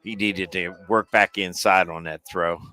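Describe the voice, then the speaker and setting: A man giving color commentary on a football game, explaining plays in a relaxed, analytical and halting way. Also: low-pitched.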